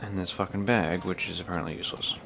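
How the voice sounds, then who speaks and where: A man's voice: low-pitched, steady tone, fast, gravelly, music in the background. A man casually commenting while playing a game, rambling, swearing and talking to himself. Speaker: gameplay commentator. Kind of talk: casual let's-play commentary.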